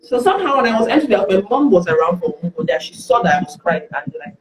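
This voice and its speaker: Talking very fast with hardly any pauses, a Nigerian-accented woman tells candid stories as a live stream guest, acting out the dialogue with lively energy. Her voice is fairly high, with slight background noise and roomy echo.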